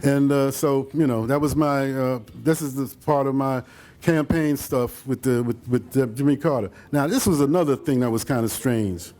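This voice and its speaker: A man's voice: medium pitch, normal speed, mellow. Rambling older man showing his photos. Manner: rambling storyteller, many fillers and asides, chuckles; acts out quotes in other voices. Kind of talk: casual slideshow talk to an audience.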